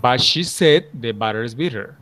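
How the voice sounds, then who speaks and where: A male English teacher leads a pronunciation drill in a mid-range voice. He is encouraging and praises often, then sounds words out slowly for the class to repeat. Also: mid-range voice, animated, pushed and bright, faint music behind.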